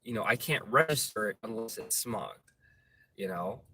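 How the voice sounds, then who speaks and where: A vlogger chats casually and profanely while driving, rambling before breaking into a rant. His voice is fairly low, expressive, and a bit breathy at normal speed. Recorded inside a moving car, the distant mic picks up loud road noise.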